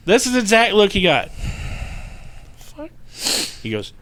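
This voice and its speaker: A middle-aged man telling a story in a casual podcast chat, animated and profane, acting out the voices of the people in it. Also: mid-range voice, normal speed, pauses often. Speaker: podcast guest, paranormal investigator.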